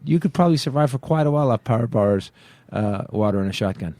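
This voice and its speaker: A man's voice: medium pitch, fast talker, no room sound. Guy hosting a comedy podcast, cracking jokes, dry close mic. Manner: jokey, animated, often slips into mock voices and laughs. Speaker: podcast host.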